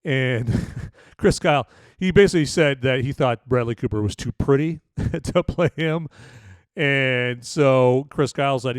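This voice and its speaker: A man's voice: medium pitch, unhurried, no echo. A man with a mid-range voice casually talks through a film review, rambling and looping back with filler phrases. The recording is dry and close-miked, with no room sound. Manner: rambling, full of "you know" and restarts. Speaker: podcast host and movie reviewer.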